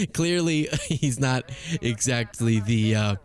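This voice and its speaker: A man's voice: mid-range voice, expressive, takes it slowly. A man hosts a casual political commentary stream in an emphatic, argumentative tone. He leans into sarcasm as he builds his case.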